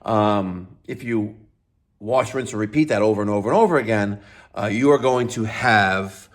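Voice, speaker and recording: A man's voice: lowish voice, normal speed. Man, middle-aged, plumbing business owner, unscripted talk, rambling, fillers, self-correcting. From New York.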